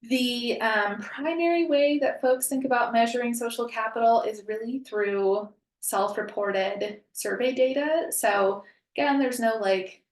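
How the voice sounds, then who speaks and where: Woman presenting a webinar, gravelly tone. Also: on the high side, reverberant, recorded from a distance. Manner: conversational, frequent ums and hedging.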